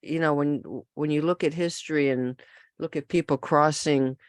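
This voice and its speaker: A woman's voice: low-pitched, steady tone, moderate pace, dry recording, studio quality. A woman co-hosting a casual conversation, frank and opinionated, thinking aloud as she goes. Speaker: co-host.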